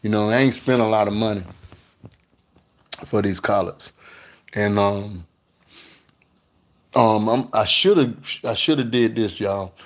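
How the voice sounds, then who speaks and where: A man's voice: on the low side, a little slow, pauses often. An older man hosting a casual live cooking stream, chatting with viewers and reading their comments aloud in a laid-back, slangy way. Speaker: cooking channel host.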